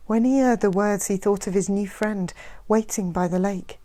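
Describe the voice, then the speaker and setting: A woman reading a novel aloud in a steady, measured narration. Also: mid-range voice. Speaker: reader.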